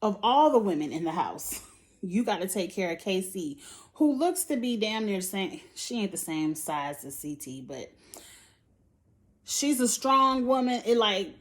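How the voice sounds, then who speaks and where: A woman's voice: mid-range voice, sing-song, unhurried. A woman giving a casual, blunt recap of a reality TV episode. She speaks with sass, cusses and laughs often. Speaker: reality TV reviewer. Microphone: phone or tablet setup.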